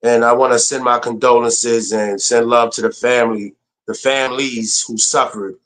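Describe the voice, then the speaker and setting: A man's voice: medium pitch, steady tone, normal speed, a bit bright. A man hosting a casual news show, talking in a loose, laid-back way with fillers. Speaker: host.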